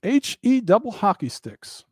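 High-voiced man, impassioned monologue. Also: very animated, a little slow, a little mellow, husky, no echo. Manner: earnest, preacherly, repeats phrases for emphasis.

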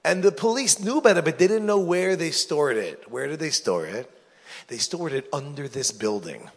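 A man from New York telling a long comic story, lively and acting out each character. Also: on the high side, moderate pace, slightly rough. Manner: lively, acts out every character. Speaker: comedian. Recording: long reverb of a hall.

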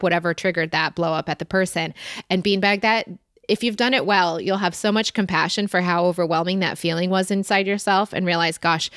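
A woman hosts a solo podcast and answers listener questions in a calm, steady flow, often repeating a word to stress it. Her voice sits on the low side for a woman. The sound is dry and close, with no room around it. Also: dry recording. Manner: calm, flowing explanation with repeated emphasis. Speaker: podcast host.

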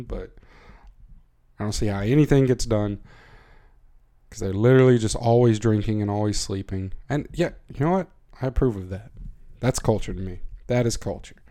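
A man talks in a relaxed, rambling monologue, dry and deadpan in his humor. His voice sits fairly low, with a soft, dark tone. He leans on ums and uhs as he goes. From United States. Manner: wry, deadpan joking with lots of fillers. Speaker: vlogger. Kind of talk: casual comedic monologue.

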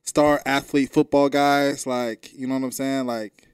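Smooth-voiced co-host, relaxed slang. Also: male voice, medium pitch, measured pace, no echo, clean studio sound. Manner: relaxed slang, loose and rambling. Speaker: podcast co-host. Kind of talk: casual podcast chat.

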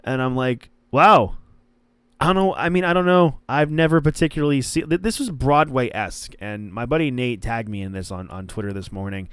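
A man's voice: medium pitch, normal speed, clear, resonant tone, no room sound. A young man hosting a casual wrestling podcast, rambling with restarts and acting out quoted lines. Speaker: podcast host.

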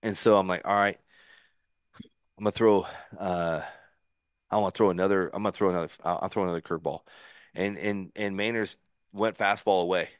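A middle-aged man, a former pitcher as a podcast guest, telling a story in a casual, animated way, acting out his own thoughts and often restarting his sentences. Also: fairly quick, pauses often, smooth, no echo, studio quality.

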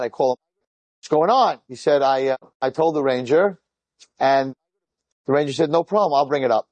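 Animated storytelling rabbi, a man. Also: on the high side, dry recording. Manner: animated, acts out the dialogue in quick bursts. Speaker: rabbi and teacher. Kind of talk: inspirational storytelling to an audience.

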